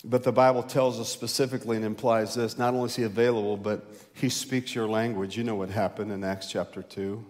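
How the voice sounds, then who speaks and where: A male pastor preaching a sermon, rising loud and high to stress a point, then dropping low and slow. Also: little pitch movement. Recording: long hall reverb.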